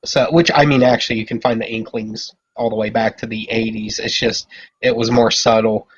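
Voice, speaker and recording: A man's voice: on the low side, level tone, a little fast, muffled recording, slight background noise. A man in casual podcast chat, talking bluntly and complaining in a plain, opinionated way.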